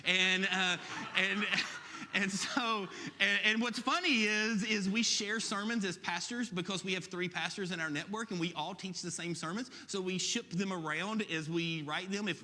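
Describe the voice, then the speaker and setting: Southern guy preaching, bright voice, fast and jokey, big echoey church hall. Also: high-pitched. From Alabama. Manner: fast, animated, quick to joke. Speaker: campus pastor. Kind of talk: sermon.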